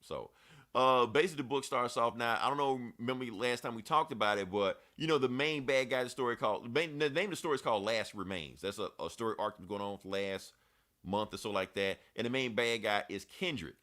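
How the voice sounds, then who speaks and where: A man's voice: mid-range voice, quick pace, bright, forceful tone. A man hosting a podcast, recapping a comic book in a loose, profane, chatty way. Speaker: podcast host. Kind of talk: casual comic book review chat.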